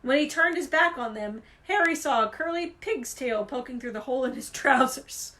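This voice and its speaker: A woman reading a novel aloud with expressive, animated storytelling. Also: high voice, normal speed. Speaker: reader.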